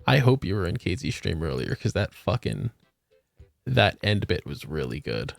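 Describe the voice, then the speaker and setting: A male streamer talking casually over his gameplay, swearing freely and cracking jokes at his viewers. His pitch swings up and down, and his voice sounds close and dry. Soft music plays underneath. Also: very animated, normal speed, vocal fry, no echo. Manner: profane, joking banter with chat.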